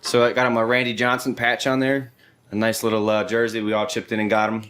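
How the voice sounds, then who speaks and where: A young adult man hosting a podcast, telling stories in an animated, profane way and saying "dude" and "bro" a lot. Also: on the low side, fast. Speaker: podcast host. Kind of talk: casual storytelling chat.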